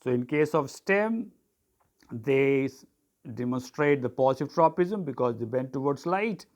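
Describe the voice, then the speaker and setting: A man's voice: mid-range voice, animated, a little slow. Man teaching a biology lesson. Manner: dictating, repeats terms and spells them out.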